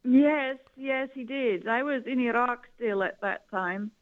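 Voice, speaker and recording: A woman's voice: fairly high pitch, a little slow. A woman from Italy, a guest advising governments, talking in a rambling way with many "you know" fillers. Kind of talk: conversational interview. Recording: tinny phone-like line.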